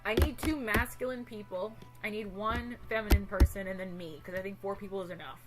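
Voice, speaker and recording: A woman streamer chatting casually with her viewers, animated and swearing a lot. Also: medium pitch, brisk, over loud music, low-quality recording.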